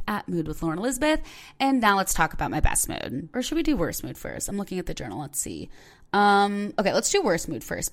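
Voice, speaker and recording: A young woman in her twenties hosts her own podcast in a loose, rambling, confessional way, leaning on "like" as she talks. Her voice sits a little low and carries a fragile edge, as if tears are not far off. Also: fairly bright tone. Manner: emotional, rambling, heavy use of "like". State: close to tears. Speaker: podcast host. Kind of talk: casual solo podcast talk.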